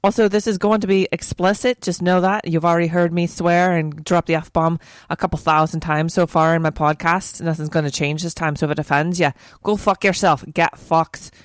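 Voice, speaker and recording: A woman's voice: fairly low pitch, fairly even intonation, normal speed, no echo, studio quality. A woman podcast host putting on an Irish accent for a playful, heavily sworn casual monologue. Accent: put-on Irish. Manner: playful, heavy swearing.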